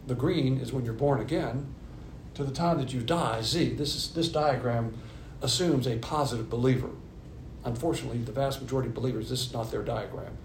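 A man's voice: mid-range voice, brisk, a little hiss or hum. A man giving a doctrinal Bible lesson, working methodically through numbered points and asking questions to his listeners. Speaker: Bible teacher. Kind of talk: doctrinal Bible teaching from notes.

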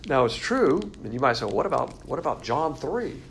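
A man's voice: medium pitch, very animated, fairly quick, a little hiss or hum. A man teaching a Bible lesson from diagrams, explaining in a blunt, emphatic way.

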